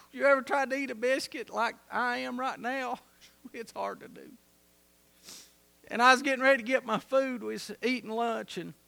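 A man preaching a sermon, telling a story and building to loud, emphatic peaks. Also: extremely high pitch, creaky.

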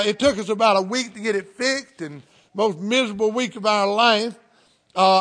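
A man's voice: high voice, sharp tone. A middle-aged man with a Southern US accent preaching a sermon, telling folksy stories and breaking in with praise and amens. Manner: folksy storytelling with fervent interjections.

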